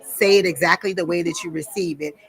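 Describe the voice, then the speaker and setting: A woman's voice: on the low side, fairly even intonation, a little fast. A woman talking informally to a workshop audience at a psychic fair, chatty and conversational, stopping to ask the room for questions.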